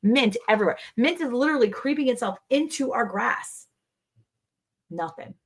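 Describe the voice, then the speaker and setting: A woman's voice: fairly high pitch, expressive, normal speed, slightly rough. A woman co-hosting a casual livestream chat, talking freely and greeting viewers by name. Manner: chatty, reads out viewer comments. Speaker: livestream co-host.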